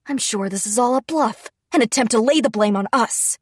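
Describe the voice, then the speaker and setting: A hotheaded young prince stammers and blusters, as a woman reader puts him on. He sounds defensive and brash, in a slightly husky, dry storybook voice. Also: on the high side, normal speed, no echo. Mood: blustering.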